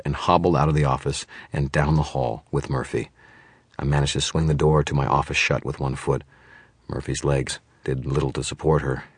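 A man's voice: very deep voice, husky, dry recording. A man narrating a first-person thriller audiobook in a tense, urgent manner.

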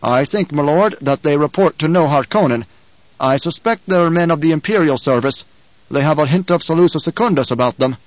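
A man voicing a loyal veteran male soldier who speaks in an earnest, slow and weighty way. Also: a little high, no room sound, highs cut off, close to an everyday voice. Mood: wary.

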